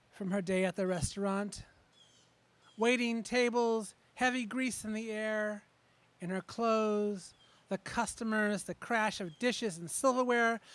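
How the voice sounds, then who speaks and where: A man reading his own poems at an open mic. He introduces each piece in a chatty way, then reads slowly and with emphasis. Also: very high voice, fairly bright tone. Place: open mic venue, live before a small audience.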